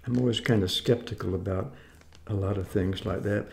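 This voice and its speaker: A US man in his seventies, a food vlogger, shows off his grocery haul in a rambling, folksy way with mildly skeptical asides. His voice is lowish, gravelly, and darkish, with fairly even intonation at normal speed.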